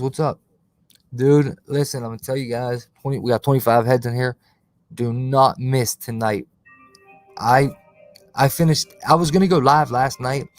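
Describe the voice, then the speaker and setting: A conspiracy channel host rants casually on his own livestream, confrontational and slangy, tacking "bro" and "cuz" onto his lines. His voice is medium-pitched, and the recording is dry.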